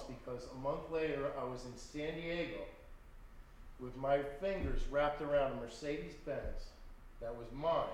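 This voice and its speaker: A man, an author guest, telling his stories in conversation in a lively, profane way and acting out what people said. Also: medium pitch, heavy reverb, slight background noise. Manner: animated, profane, acts out quotes. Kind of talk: storytelling in conversation.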